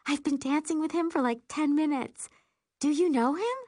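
A woman voicing a bubbly, excitable young woman friend at a party, gushing and squealing. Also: sits high, normal speed, no echo, studio quality, voice pushed up, lightly acted.

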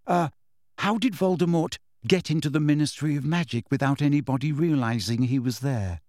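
A man's voice: on the high side, normal speed, a little mellow, dry recording, studio quality, lightly acted. A man voicing a frightened, bookish teenage witch who pleads and reasons, in an audiobook reading. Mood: anxious, reasoning.

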